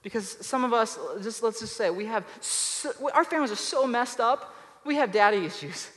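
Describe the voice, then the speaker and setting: A male pastor preaching a sermon emphatically, his voice swinging from loud to soft. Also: very high-pitched, moderate pace, big-room sound.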